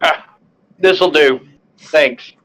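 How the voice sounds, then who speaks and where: A man's voice: fairly high pitch, very slow, fairly bright tone, poor audio. A man playing a tabletop game, hesitant and searching for words. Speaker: player.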